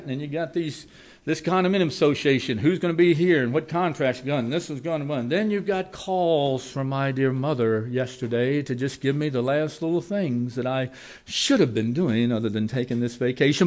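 At a medium pitch, a man preaches, relating a homespun story in a folksy manner. He alternates loud, rapid lines with slow, soft ones.

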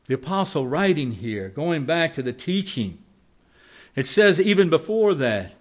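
A man preaching a sermon, telling a homespun story in a folksy way and moving from loud, quick lines to slow, quiet ones. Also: medium pitch, very animated.

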